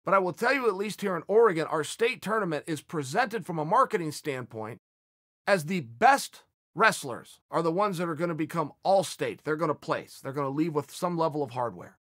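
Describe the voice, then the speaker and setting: A man giving a motivational speech in a high, bright voice that swings widely up and down. He talks bluntly and hammers his points home, dropping the odd curse. The sound is dry and close. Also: expressive, a little fast, dry recording. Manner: blunt, emphatic, swears for emphasis. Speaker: motivational speaker.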